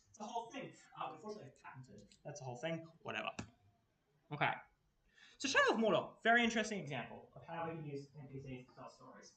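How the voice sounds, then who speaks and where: A man's voice: a little high, lively intonation, fast talker, a bit bright. A young Australian man giving a casual, rambling workshop talk full of fillers. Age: young adult. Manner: chatty, rambling, many fillers. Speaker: workshop presenter. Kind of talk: casual lecture. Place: university lecture room. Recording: roomy echo, mic far off.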